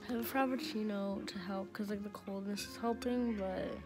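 A woman's voice: mid-range voice, fairly even intonation, a little fast, few pauses, music in the background. A young woman vlogging casually, whiny and complaining, talking with a sore mouth from new braces. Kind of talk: casual vlog talk to camera.

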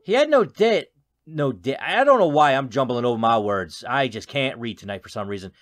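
A man's voice: mid-range voice, lively intonation, fairly quick, fairly bright tone. A man giving jokey, rambling let's play commentary with self-mocking asides. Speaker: gaming YouTuber.

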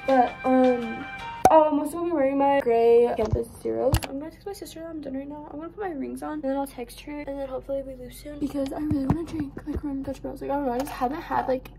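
A teenage girl chats into her phone at home, rambling along with constant fillers. Her voice sits a bit high with a gravelly edge and she talks quickly. Background music plays beneath her. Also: fairly even intonation. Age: teens. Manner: rambling, filler-heavy teen talk. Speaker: vlogger. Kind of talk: casual vlog chat.

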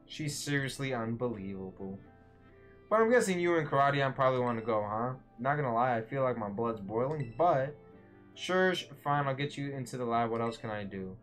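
A man's voice: mid-range voice, expressive, brisk, a bit bright, faint music behind, natural voice. A man reading aloud the lines of a bitter teenage boy in a video game, in a grumbling tone. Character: moody teenage boy, bitter about his absent mother.

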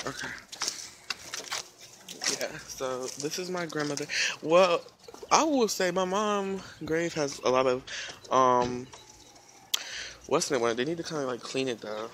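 A young man with a gravelly, creaky voice talks casually to his phone camera, full of ums and half-finished thoughts. He is outdoors at a country cemetery. Loud wind and bird noise sit behind him in a rough outdoor recording. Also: mid-range voice, fairly even intonation, unhurried, long pauses. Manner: rambling, many ums and trailing-off sentences. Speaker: vlogger. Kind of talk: casual vlog talk. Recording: noisy outdoor recording with birds.

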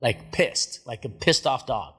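Husky-voiced man telling a wild story. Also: medium pitch, a little slow. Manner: animated storyteller, acts out quotes, many filler likes. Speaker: guest, surfer. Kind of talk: casual storytelling.

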